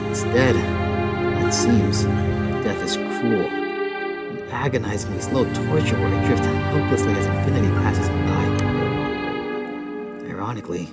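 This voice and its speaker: A man playing a horror game, reading its text aloud dramatically and breaking off with startled exclamations, recorded in a garage. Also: on the low side. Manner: excitable, frequent startled exclamations; reads narration dramatically. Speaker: gaming video host. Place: garage at night. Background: loud game music.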